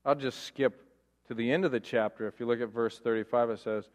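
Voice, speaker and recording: A man preaching a sermon as pastor, animated, firing off rhetorical questions and mimicking grumbling voices for laughs. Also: medium pitch, brisk. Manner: animated, rhetorical questions, mock-complaining voices for comic effect. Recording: long hall reverb.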